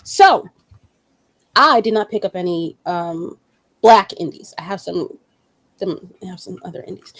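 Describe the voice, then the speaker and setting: A woman hosting a casual chat show, excitable and rambling, with frequent swearing. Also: mid-range voice. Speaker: podcast host.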